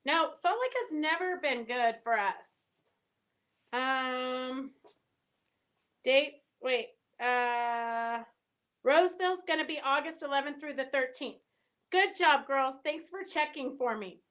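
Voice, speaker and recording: A woman's voice: sits high, lively intonation, slow, fairly bright tone. A middle-aged woman chatting casually on a live stream, answering viewer comments and telling stories with lots of fillers. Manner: chatty, storytelling, many fillers.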